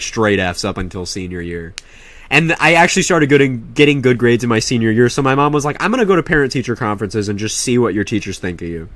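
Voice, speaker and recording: A young man telling a rambling, profane story in a casual, animated way, with many restarts. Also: mid-range voice, dry recording. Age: young adult. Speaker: vlogger.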